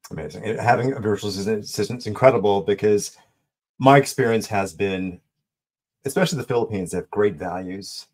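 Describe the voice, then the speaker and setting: A man's voice: lowish voice, brisk, a little mellow. A man hosting a podcast interview, cheering his guest on and asking long, rambling questions. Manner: enthusiastic, affirming, rambling questions. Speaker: podcast host.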